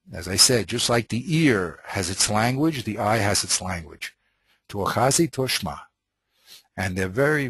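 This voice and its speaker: A man's voice: on the low side, a bit bright, husky, no echo. A man teaching a Talmud class in an informal lecture style, thinking aloud with many restarts and Hebrew and Yiddish terms.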